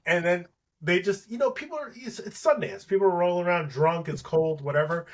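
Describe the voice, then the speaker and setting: A man, an actor guest, in casual chat, telling animated stories and swearing freely. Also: sits high, fairly quick. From Palestinian family.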